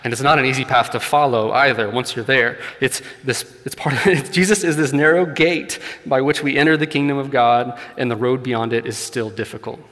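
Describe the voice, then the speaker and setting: A man's voice: medium pitch, steady tone, brisk, few pauses, fairly bright tone. A man preaching a sermon in an earnest, conversational way, building to emphatic points. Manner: earnest, conversational with light laughs, rising emphasis on key points. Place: church hall. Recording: long hall reverb.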